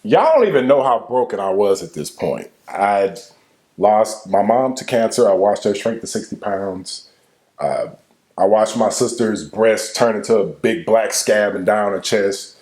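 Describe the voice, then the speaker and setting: A young adult man telling the story of his relationship in casual speech, emotional and halting, with frequent restarts. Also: fairly low pitch, expressive, a little mellow, reverberant. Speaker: co-host telling a couple's story.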